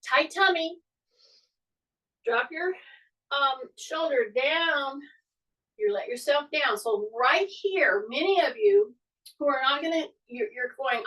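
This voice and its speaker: A woman's voice: high-pitched, lively intonation, slow, long pauses, a bit bright, recorded from a distance, rough recording. An older woman, a fitness instructor, talking through a floor exercise as she demonstrates it, encouraging and direct. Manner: encouraging, talks while demonstrating moves on the floor.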